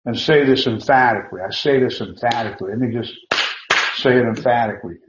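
A man preaches with emphatic insistence, circling back and repeating himself as he restarts his sentences. His voice sits at a medium pitch. The recording sounds muffled and echoes around the room. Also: brisk, heavy background noise. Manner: emphatic, repetitive, with many restarts and fillers. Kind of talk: sermon. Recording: dull, roomy sound.

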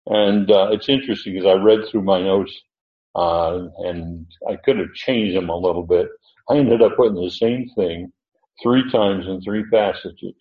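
A man teaching through a Bible passage verse by verse, thinking aloud with many pauses and restarts. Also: deep voice. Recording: echoey room on a tinny, phone-like line.

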